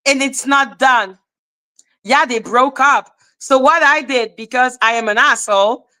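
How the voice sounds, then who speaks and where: Female host, bright, sharp high voice; unhurried, loud bursts of laughter, salty storytelling. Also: clean tone. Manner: animated, laughing, profane, breaks into shouts. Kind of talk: casual livestream storytelling.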